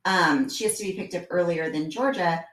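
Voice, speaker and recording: Her lowish voice runs a little fast, sounding reverberant and far from the mic. As a podcast co-host in relaxed conversation, she tells animated stories and performs moments from family life.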